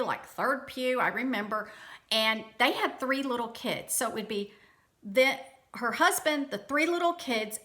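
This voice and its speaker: A woman with a bright, slightly high voice recounts a personal story for her viewers. She talks in a chatty, animated way, often restarting her sentences and speaking to the audience directly. The delivery sounds like a casual storytime video. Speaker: vlogger.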